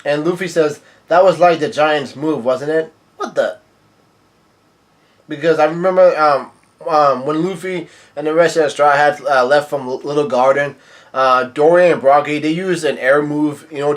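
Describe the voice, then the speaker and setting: A young man talks through a manga chapter panel by panel in a casual recap. His voice sits a little high for a man. He rambles, fills gaps with "uh" and often restarts his sentences. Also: fairly even intonation, measured pace, a bit bright. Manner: rambling, many "uh" fillers and restarts. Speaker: manga reviewer.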